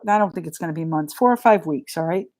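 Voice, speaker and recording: A woman's voice: low voice, fast talker, a little mellow. A middle-aged woman with a New England accent giving a live tarot reading in a chatty, frank and joking way. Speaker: tarot reader.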